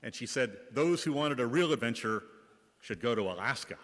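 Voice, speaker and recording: A man's voice: medium pitch, expressive, moderate pace, a bit bright. A man from the Bay Area, a school principal, telling wry anecdotes with light comic timing during a reflection in church. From Bay Area, California. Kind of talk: humorous storytelling reflection in church. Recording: reverberant church hall.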